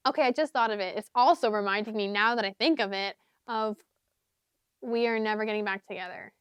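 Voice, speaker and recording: A woman's voice: mid-range voice, a little fast, a bit bright, smooth, no room sound. A young woman talking casually about books and songs for her vlog, rambling with lots of fillers and sometimes half-singing lyrics. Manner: chatty, rambling, many fillers and "like"s. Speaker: book vlogger. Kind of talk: casual chat.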